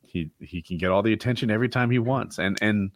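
A man talking politics in casual chat, musing aloud and hedging as he goes. His voice is low, and the sound is dry and close with no room echo. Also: fast.

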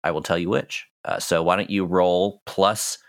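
A man narrating a tabletop game as game master in a relaxed, chatty way. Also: deep voice, normal speed, no room sound.

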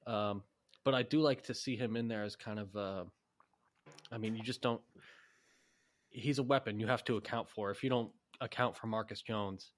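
A man co-hosting a sports podcast, giving quick opinions in casual chat with frequent restarts. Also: fairly low pitch, fairly even intonation. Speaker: podcast co-host.

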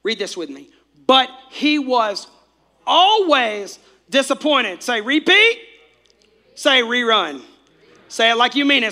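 A male pastor preaching a sermon. He talks with excitement, repeats key lines and calls on the congregation to say phrases back to him. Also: very high voice, slow pace. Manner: exclamatory, repetitive, calls for congregation responses.

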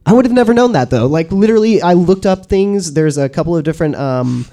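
A man's voice: high-pitched, lively intonation, quick pace, warm tone. A man co-hosting a podcast in casual chat, loose and laughing, with frequent swearing. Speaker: podcast co-host.

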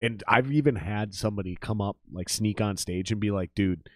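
A man with a low-pitched voice chats on a podcast about life as a drummer. He tells stories loosely and profanely and acts out the voices of the people in them. The sound is dry and close-miked. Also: brisk, no room sound. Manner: profane, animated storytelling with quoted voices. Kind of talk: casual podcast chat.

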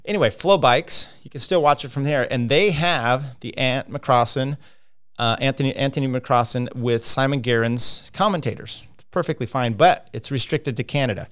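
A man's voice: mid-range voice, moderate pace, fairly bright tone, smooth. A man hosting a casual cycling livestream, rambling with lots of fillers and restarts as he talks through standings and viewer comments.

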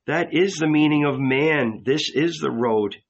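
A man reading an audiobook, voicing a weary grown prophet who speaks in soft, tender murmurs. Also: on the high side, a little slow, creaky, muffled recording, voice pushed up.

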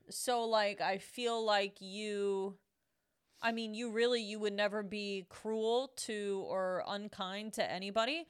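A woman's voice: medium pitch, a bit bright, clear, resonant tone. A woman co-hosting a casual podcast chat, agreeable with her partner but frank, swearing for emphasis. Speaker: podcast co-host.

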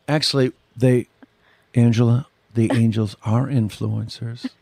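A man's voice: mid-range voice, fairly even intonation, slow pace, creaky, warm tone, no echo. A man hosting a playful game segment, teasing his guest and laughing often. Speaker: host. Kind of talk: playful game-show banter.

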